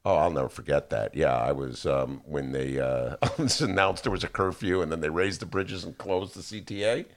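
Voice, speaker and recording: A man hosting a podcast, talking in a sarcastic, animated way and mocking people with put-on voices. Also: rumbling low, normal speed. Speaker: podcast host. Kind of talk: casual political chat.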